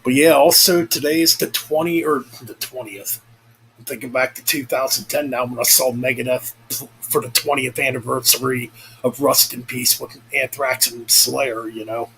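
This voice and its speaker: A man's voice: mid-range voice, fairly even intonation, moderate pace, a bit bright, a little hiss or hum, poor audio. A young man rambling casually in a vlog, cursing freely and correcting himself as he goes. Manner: rambling, profane, self-correcting. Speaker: vlogger. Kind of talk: casual chat.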